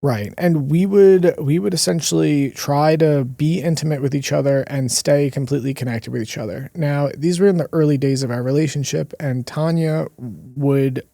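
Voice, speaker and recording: A man co-hosting a podcast, telling a personal story in an earnest, emotional way with drawn-out pauses. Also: fairly high pitch, gravelly, mellow, no room sound. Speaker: podcast co-host. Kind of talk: casual conversational storytelling.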